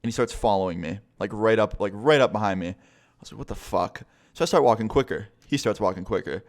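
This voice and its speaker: A man's voice: fairly low pitch, quick pace. A young man vlogging a casual storytime, rambling and swearing a lot. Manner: rambling, profane, chatty.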